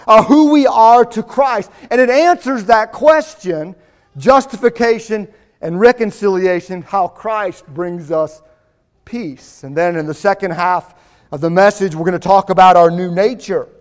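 A man's voice: sits high, measured pace. A male pastor preaching a sermon in a church, building his emphasis as he reads scripture aloud.

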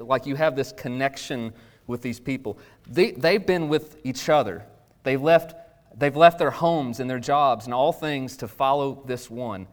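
A man, likely in his thirties, preaching a conversational sermon in a casual, animated way with sudden jumps in pitch. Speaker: pastor.

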